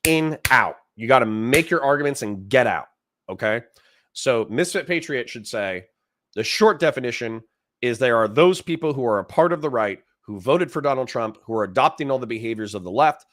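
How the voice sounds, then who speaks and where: A man's voice: medium pitch, expressive, a little fast, a bit bright, dry recording, clean studio sound. A man giving casual live-stream commentary, chatty, laughing often and reading out chat messages. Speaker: streamer reacting to a debate.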